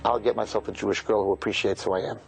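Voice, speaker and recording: A man telling a story in an animated way, acting out the characters with big jumps in pitch and loudness. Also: rapid-fire, vocal fry, music in the background, rough recording. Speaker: speaker at a fundraising broadcast.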